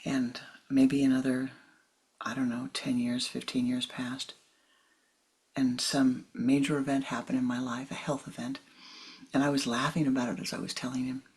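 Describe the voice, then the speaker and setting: Low, husky-voiced woman spiritual teacher. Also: level tone, normal speed. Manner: storytelling, drops into soft whispered asides; acts out quoted dialogue expressively. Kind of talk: spiritual talk with personal story.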